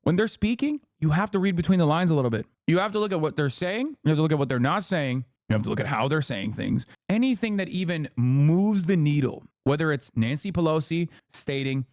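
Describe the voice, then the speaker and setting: A man's voice: a little high, expressive, normal speed, hardly any pauses, darkish tone, no room sound, studio quality. A man giving heated, profane political commentary while reacting on a live stream. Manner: heated, profane, emphatic ranting.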